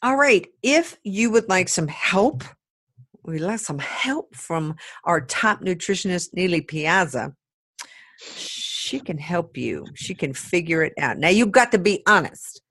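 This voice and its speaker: A woman hosting a podcast in casual chat, giving brisk, emphatic advice. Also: lowish voice, animated, fairly bright tone. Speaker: podcast host.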